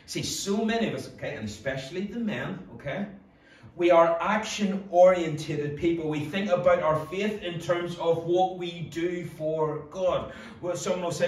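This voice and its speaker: A Northern Irish pastor delivers a sermon to his congregation, earnest and direct, occasionally breaking into quick acted-out asides. His fairly high voice rings through a very echoey church hall, captured from a distance over a faint hum of room noise.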